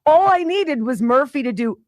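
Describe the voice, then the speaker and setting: A woman in her fifties hosting a radio show, telling stories in a chatty, animated way. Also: high voice, no echo, studio quality. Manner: chatty, animated storytelling with sound effects and laughs. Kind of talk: casual monologue. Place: radio studio.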